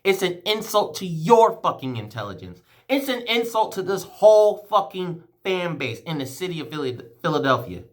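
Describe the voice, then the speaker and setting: A man's voice: on the high side, sing-song, normal speed, hardly any pauses. A sports fan vlogger, a man, giving a heated, profane and emotional rant, rambling and restarting his sentences. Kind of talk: ranting fan vlog.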